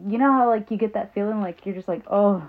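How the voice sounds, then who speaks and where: A woman co-hosting a casual podcast, telling animated stories and acting out her child's lines. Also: medium pitch, quick pace, a crowd in the background. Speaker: podcast co-host. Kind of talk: casual storytelling. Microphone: phone. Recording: phone-like narrow sound.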